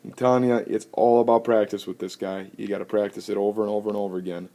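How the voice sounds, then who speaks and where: A man teaching a chemistry lesson in a playful, jokey way with animated asides. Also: fairly low pitch, fast. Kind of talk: recorded lecture. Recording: noisy recording with clicks.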